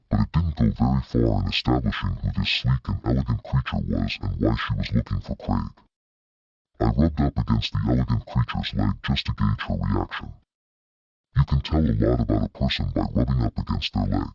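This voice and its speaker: A man's voice: a bass voice, creaky, breathy edge, no room sound, lo-fi sound. A man narrating an audiobook in a dry, wry storytelling manner.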